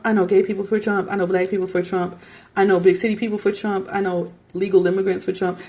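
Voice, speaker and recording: A young American woman in her thirties hosting a podcast, talking casually and animatedly, often laughing and jumping into high mock voices when she quotes people. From United States. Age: young adult. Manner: animated, mimics others in high squeaky voices. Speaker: podcast host. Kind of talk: casual opinion monologue.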